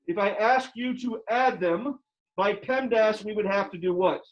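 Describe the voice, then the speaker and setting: In dull, lo-fi classroom audio, a high-voiced man gives an unhurried math lecture. He stresses his points, repeats questions to the class, and breathes hard behind a face mask.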